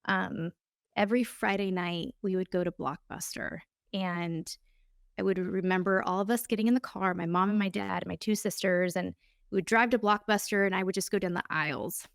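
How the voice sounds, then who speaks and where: A woman's voice: mid-range voice, fairly even intonation, normal speed, vocal fry, no echo, studio quality. A woman in her thirties hosting her podcast alone, telling her story in an earnest, candid and openly emotional way. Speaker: podcast host. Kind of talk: solo podcast monologue.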